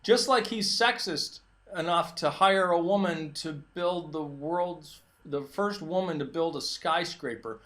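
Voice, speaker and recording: A man with a notably high, bright and forceful voice hosts his own commentary show. He talks alone to his audience and leans hard on sarcasm and mocking irony. His delivery stays opinionated throughout. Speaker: political commentary host.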